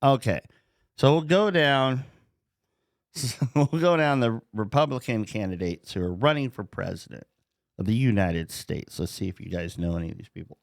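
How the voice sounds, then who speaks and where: A man's voice: mid-range voice, moderate pace, gravelly, dry recording, studio quality. A man hosting a casual podcast, joking, laughing often and swearing as he talks. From North Dakota. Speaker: podcast host.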